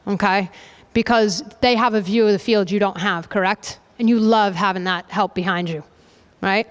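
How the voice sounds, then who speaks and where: A woman soccer coach leading a goalkeeping demonstration with players, brisk and directive, checking in with a constant "okay?" and loudly calling out commands. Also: mid-range voice, steady tone, clear, resonant tone, highs cut off. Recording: reverberant hall, voice from a distance.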